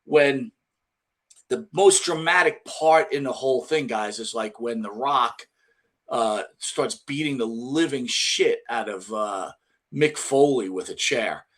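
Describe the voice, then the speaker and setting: A man's voice: mid-range voice, slow, fairly bright tone. A man co-hosting a wrestling podcast, talking in a loose, profane, rambling way as he retells scenes. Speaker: podcast co-host. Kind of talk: casual chat.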